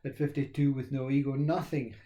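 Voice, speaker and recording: A man, talking in a rambling, reflective monologue, laughing often and halting with fillers. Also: mid-range voice, flat delivery, mellow. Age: 60s.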